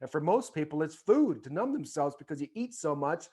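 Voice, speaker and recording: A man in his forties from the United States, a former ballplayer telling his story as an interview guest in a rambling, filler-heavy way that turns into a fervent motivational pitch. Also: sing-song, brisk, warm tone, breathy edge. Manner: rambling, many fillers and restarts. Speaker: podcast guest, former baseball player.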